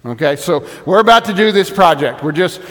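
Speaking fairly quickly in a large hall, this pastor has a high, expressive voice with a fairly bright tone. His sermon is conversational teaching, walking through ideas step by step and stressing them through repetition.

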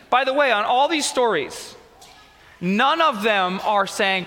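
A man's voice: sits high, animated, normal speed, sharp tone, in a large hall. A man preaching a sermon as pastor, telling earnest, emotional stories with repeats and restarts. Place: church sanctuary.

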